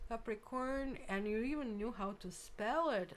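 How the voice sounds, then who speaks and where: A woman's voice: a little high, a little slow, a little hiss or hum. A woman hosting a live tarot stream, chatting casually with viewers and thinking aloud while she works.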